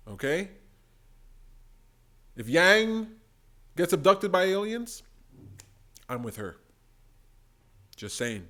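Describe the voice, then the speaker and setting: A man vlogger giving excited, gushing commentary on debate clips, often mimicking the people he talks about. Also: high voice, slow, long pauses. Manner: animated and gushing, mimicking voices.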